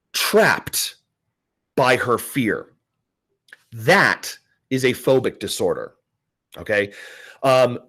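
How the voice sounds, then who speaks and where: A male teacher in his forties talks a class through a lesson in a relaxed, storytelling manner. He stumbles over restarts and fillers, then brightens to act out the people in his anecdotes. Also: medium pitch. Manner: conversational, many fillers and restarts, acts out quoted voices.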